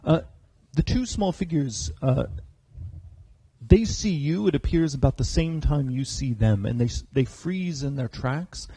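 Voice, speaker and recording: A man's voice: on the high side, expressive, a little slow, warm tone, slightly rough, dry recording, rough recording. A man narrating a tabletop game as game master, hesitant, with many filler sounds, on a convention stage.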